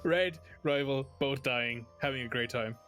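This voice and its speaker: A man's voice: medium pitch, a little slow, fairly bright tone, soft background music. A man chatting casually as a player in a tabletop game, joking and laughing easily.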